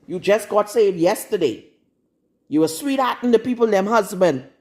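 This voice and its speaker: A woman's voice: mid-range voice, lively intonation, moderate pace, a little mellow. A woman preaching a live-streamed sermon in a blunt, scolding, confrontational manner. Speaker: prophetess.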